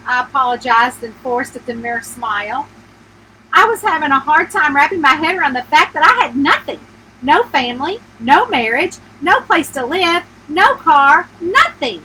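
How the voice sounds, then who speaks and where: A woman author reading her own novel aloud as a bedtime story at home, narrating in first person with lively feeling for the heroine. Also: sits high, normal speed, slight background noise, poor audio.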